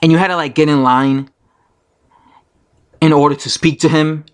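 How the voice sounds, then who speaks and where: A man's voice: on the high side, fairly even intonation, normal speed, smooth. A man who makes boxing videos, telling a story to his camera as a casual, indignant rant full of repetition. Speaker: YouTube boxing commentator.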